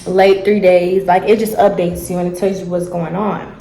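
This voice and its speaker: A woman's voice: on the low side, normal speed, creaky, slight background noise. Chatty young woman in an echoey room. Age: young adult. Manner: animated, chatty, acts out dialogue. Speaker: vlogger. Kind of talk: casual storytelling while eating.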